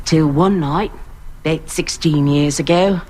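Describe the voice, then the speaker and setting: An earnest woman spinning a strange yarn in a put-on Australian accent. Her voice sits low and carries a husky grain, and she tells the tale in a steady TV-drama manner. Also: a little slow. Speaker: actress in a TV drama clip. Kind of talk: TV drama acting.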